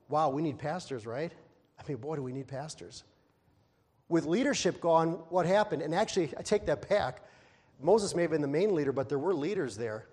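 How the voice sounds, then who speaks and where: A man preaching a sermon, lively and self-deprecating, who laughs at himself and bursts into loud exasperated asides. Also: big-room sound. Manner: animated, acting out exasperated quotes with sudden loud high outbursts; laughs at himself while talking. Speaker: pastor.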